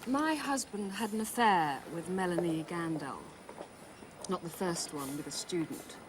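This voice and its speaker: An actress playing a betrayed, pregnant wife in a television crime drama, speaking in a clipped, cool and defensive way. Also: female voice, on the low side, a little slow, background noise, natural voice. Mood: cold. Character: cold, bitter betrayed wife, woman. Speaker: pregnant wife of a murdered man.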